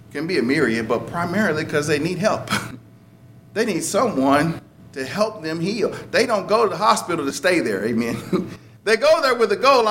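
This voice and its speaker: A man's voice: medium pitch, fairly bright tone, slight background noise. A man preaching a sermon in a conversational way, chuckling and lifting his voice for emphasis.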